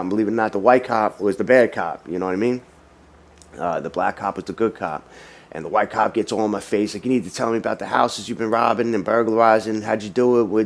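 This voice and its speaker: A man's voice: lowish voice, vocal fry. A young man, casually telling his own story in streetwise slang, full of "you know" fillers.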